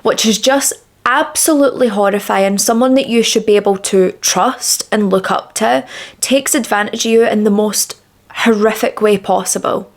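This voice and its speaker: A woman's voice: mid-range voice, moderate pace. A woman hosting a true crime channel, telling a case in a chatty, dramatic way while doing her makeup, on a small clip-on mic. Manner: chatty, dramatic and emphatic, with repeated words. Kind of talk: casual true crime storytelling during a makeup routine. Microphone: small clip-on microphone.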